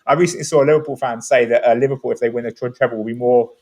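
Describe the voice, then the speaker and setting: A man's voice: mid-range voice, fairly even intonation, racing, darkish tone. A man talking football on a podcast in a rambling, enthusiastic, casual way. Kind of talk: animated casual chat.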